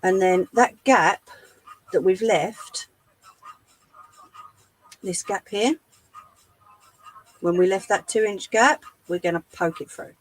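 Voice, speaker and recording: A woman hosting a live sewing tutorial, chatting to her viewers as she works, her voice going a little hoarse. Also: mid-range voice, slow, pauses often, rough recording. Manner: chatty, talks to live chat while demonstrating. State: losing her voice. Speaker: craft livestream host.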